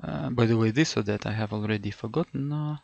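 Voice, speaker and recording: A man's voice: lowish voice, quick pace, creaky, darkish tone, no echo, highs cut off. A middle-aged man from Ukraine tutoring for a language test, thinking aloud and repeating words with many fillers and self-corrections. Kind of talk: thinking-aloud lesson over a screen.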